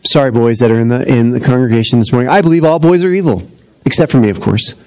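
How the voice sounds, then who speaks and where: A middle-aged man preaching a sermon as pastor, in a conversational, animated storytelling manner. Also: mid-range voice, fast talker, poor audio.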